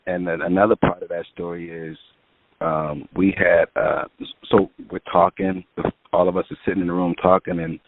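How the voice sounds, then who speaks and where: A man's voice: deep voice, level tone, normal speed, no room sound. A man, a music producer guest, telling long casual stories in an interview with many fillers. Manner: rambling anecdotes with many fillers. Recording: tinny phone-line sound.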